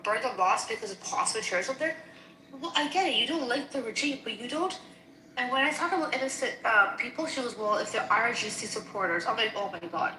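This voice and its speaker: A woman in casual, heated conversation, animated and indignant, acting out both sides of a quarrel she is retelling. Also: a little high, fast talker. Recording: echoey room with faint noise.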